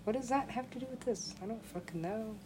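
A woman's voice: fairly high pitch, brisk, a little mellow, slight background noise. A young adult woman, a parent, rambling in a loose monologue, laughing often, swearing freely and acting out the voices she quotes.

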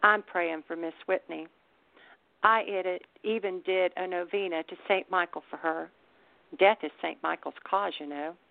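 A woman reading aloud, voicing a small, kindly, pious elderly woman who speaks in a gentle, hushed way. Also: on the low side, steady tone, measured pace, creaky, no room sound. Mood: consoling. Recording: tinny phone-like line.

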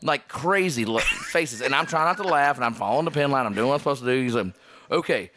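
A man's voice: medium pitch, fast, sharp tone. A man telling a story in casual podcast chat, laughing, swearing and acting out the cops' lines. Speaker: podcast host. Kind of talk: casual storytelling among friends.

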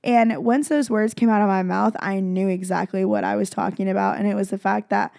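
A woman's voice: mid-range voice, steady tone, brisk, gravelly, darkish tone, no echo, clean studio sound. A young woman hosting a podcast, chatting in a gushing, rambling way full of "like" and "freaking". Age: young adult. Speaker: podcast host. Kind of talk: casual confessional chat.

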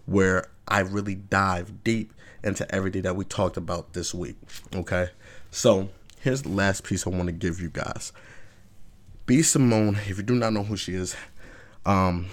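A man hosting his own vlog, giving casual opinion commentary in an emphatic, rambling way with frequent rhetorical check-ins. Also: low voice. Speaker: vlog host.

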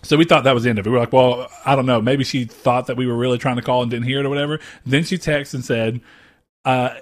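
A man's voice: medium pitch, steady tone, quick pace. A man hosting a podcast, chatting casually with friends in a joking, rambling, profane way. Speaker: podcast host. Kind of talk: casual chat.

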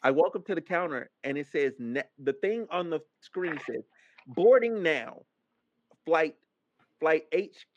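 A man hosting a podcast, telling a story as a casual rant, animated and profane, acting out the other people's lines. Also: fairly high pitch, measured pace, a little hiss or hum. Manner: animated, profane, acts out quoted dialogue. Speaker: podcast host. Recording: dull, dry lo-fi mic sound.

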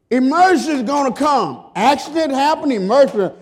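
A man preaching a sermon who swings between shouts and low murmurs, acts out quoted voices in a high pitch, and talks in a folksy, emphatic way. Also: animated, moderate pace, few pauses. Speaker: pastor.

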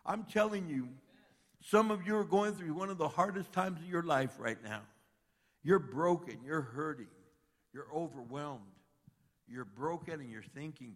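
A man's voice: fairly high pitch, unhurried. Preaching man in a reverberant church. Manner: swings from loud preaching to hushed, intimate asides. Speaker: pastor. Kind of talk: sermon. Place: church sanctuary.

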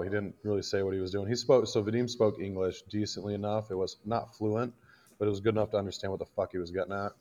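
A combat veteran from Iowa, appearing as a podcast guest, bluntly tells a war story in casual, profane talk. His voice is lowish and darkish, with fairly even intonation and a fairly quick pace, and the recording's highs are cut off.

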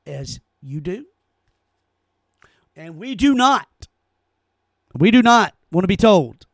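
A man with a fairly high voice hosts his own commentary podcast and rants with heat and sarcasm, tripping over repeated words. The sound is close and dry, with no room echo. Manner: heated, sarcastic, stammering ranting. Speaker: podcast host.

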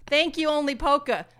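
A woman's voice: high voice, very noisy, heavily acted. A woman doing a comic impression of a brash male poker-show host who rambles in circles, curses, coughs and plugs himself. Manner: repetitive, circling, never getting to the point; crude, self-promoting, coughing and clearing throat.

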